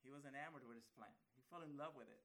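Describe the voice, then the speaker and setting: Guy preaching a sermon, chatty and animated, keeps asking the room "right?", mid-pitched everyday voice. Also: rapid-fire, poor audio. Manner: animated storytelling, acts out quotes; conversational, asks rhetorical questions. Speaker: pastor.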